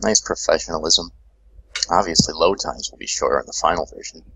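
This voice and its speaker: Very deep husky guy doing deadpan jokes on a let's play. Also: brisk, no echo, low-quality recording. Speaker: co-commentator. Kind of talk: casual gameplay chat.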